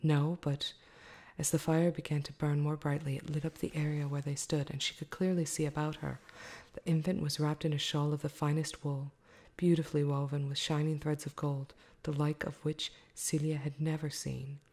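Brief: soft-spoken ASMR reader, woman, low and mellow, hushed delivery. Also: flat delivery. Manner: slow, hushed, drifting into whisper. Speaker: ASMR storyteller.

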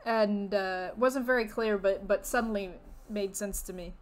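A young woman streamer reacting expressively to a game she is playing, with quick reactions and some swearing. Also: mid-range voice, a little hiss or hum. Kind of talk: live game commentary.

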